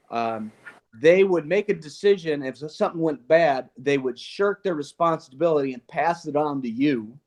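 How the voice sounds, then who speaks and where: With a slightly high voice, this older man, formerly a police chief, shares conversational stories about parenting and leadership. He's earnest yet casual, animated in delivery, often laughing and starting his sentences over.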